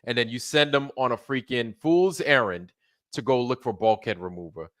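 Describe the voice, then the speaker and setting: Bright, dry-voiced rambling American man. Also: medium pitch, normal speed, dry recording. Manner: loose, rambling, swears freely, repeats phrases. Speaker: livestream host. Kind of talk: casual livestream rant.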